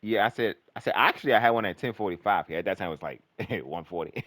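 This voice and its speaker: Animated man telling a rambling story. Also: on the low side, fast talker, no echo. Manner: animated, profane, rambling with fillers. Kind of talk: casual storytime chat.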